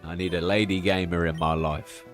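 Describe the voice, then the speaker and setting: A young man with a very deep voice talks openly while streaming, swearing freely as he confides. Faint music plays underneath him. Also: flat delivery, moderate pace. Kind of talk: casual live-stream chat.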